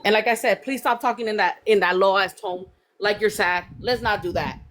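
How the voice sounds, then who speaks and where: A woman's voice: mid-range voice, brisk, fairly bright tone. A woman host who confronts a guest on a live call, swearing and repeating her questions.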